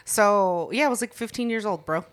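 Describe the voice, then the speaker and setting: A woman's voice: mid-range voice, moderate pace. A woman telling stories in a casual chat, cursing constantly and acting out the people in them. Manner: profane, animated, acts out voices.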